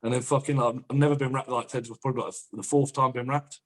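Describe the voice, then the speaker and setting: A young man, a powerlifter guest on a podcast, telling rapid, sweary anecdotes in casual chat. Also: medium pitch, fairly even intonation. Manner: fast, swearing, laughing anecdotes.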